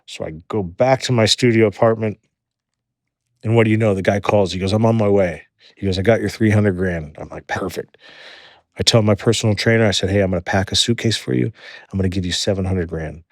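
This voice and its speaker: Male guest, 30s, low-ish voice, lively storyteller acting out dialogue, dry mic. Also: brisk, dry recording. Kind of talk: storytelling in an interview.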